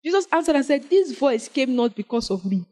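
A woman preaching a sermon, with an animated delivery that swings between loud exclamations and soft, prayerful lines. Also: sits high, brisk, poor audio.

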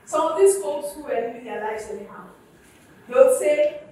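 A woman's voice: high-pitched, lively intonation, moderate pace, warm tone, slight background noise. A woman pastor preaching a sermon, calling out questions to her congregation and rising to emphatic peaks. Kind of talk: sermon with call and response. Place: church hall. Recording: echoey church hall from far off.

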